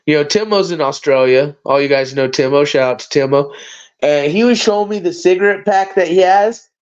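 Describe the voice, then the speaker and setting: A man's voice: on the high side, fairly quick, clear, resonant tone. A man hosting a casual livestream chat, rambling and swearing as he talks. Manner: rambling, profane, animated. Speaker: livestream host. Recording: dull lo-fi sound.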